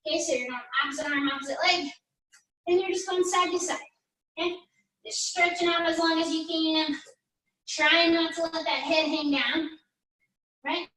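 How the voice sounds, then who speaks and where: A woman's voice: very high voice, fairly even intonation, normal speed, long pauses, bright, forceful tone. A woman leading a pilates workout class, chatty and encouraging as she counts down reps. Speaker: pilates instructor. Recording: echoey room, mic at a distance.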